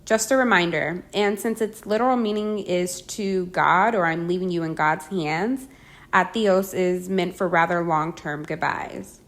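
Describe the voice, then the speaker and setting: A woman narrating a language lesson, reading each phrase slowly and clearly before translating it. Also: fairly low pitch, steady tone. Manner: clear, deliberate, slows down for the phrases. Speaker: language teacher.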